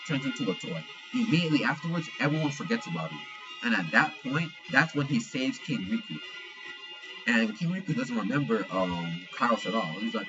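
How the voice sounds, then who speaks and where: A man's voice: mid-range voice, lo-fi sound. A young man giving a casual manga chapter review, slangy and profane, retelling scenes with animation.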